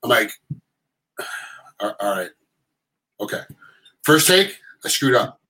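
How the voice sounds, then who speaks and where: A middle-aged man telling stories in casual chat, animated and acting out quotes in other voices. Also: medium pitch, takes it slowly, rough recording.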